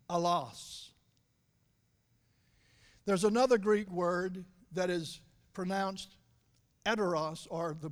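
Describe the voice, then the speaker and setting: Man, preacher, middle-aged, high voice, sermon, loud emphatic bursts, low asides, stretched key words.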